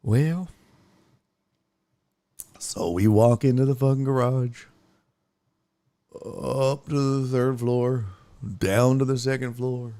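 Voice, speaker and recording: A man's voice: mid-range voice, slow, long pauses. A man in his fifties hosting a podcast, telling a funny story with a lot of swearing and acting out what people said. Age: 50s. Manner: profane, animated, acts out quotes. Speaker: podcast host. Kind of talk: comedic storytelling.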